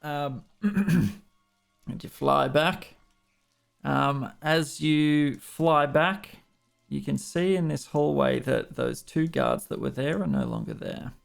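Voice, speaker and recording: A man's voice: fairly high pitch, very animated, slow, vocal fry, faint music behind. An Australian man running a tabletop game as game master, talking casually with lots of filler words. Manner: casual, hesitant with many fillers.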